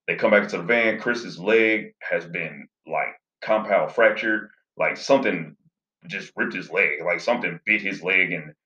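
Male reviewer, very deep voice, rambling casual recap with many fillers, slightly dull roomy audio. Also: pushed and bright. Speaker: movie reviewer.

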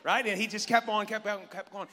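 A middle-aged man preaching a sermon as pastor, animated and joking with his congregation. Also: high-pitched, a little fast. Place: church sanctuary. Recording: long reverb of a church hall.

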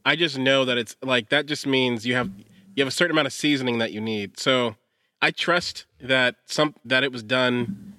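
A man's voice: medium pitch, normal speed, clear, resonant tone, no room sound, clean studio sound. A man co-hosting a podcast, talking animatedly with many restarts. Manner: animated, defensive, stumbling restarts. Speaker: podcast co-host. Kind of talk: casual chat.

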